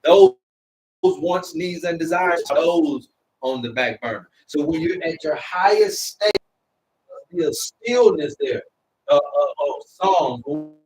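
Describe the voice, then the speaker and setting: High-voiced preachy man on a live stream. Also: expressive, recorded from a distance, slight background noise, poor audio. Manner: preachy and repetitive, drawing out words slowly for emphasis. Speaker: herbalist host of a live stream. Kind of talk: live-stream lecture to viewers.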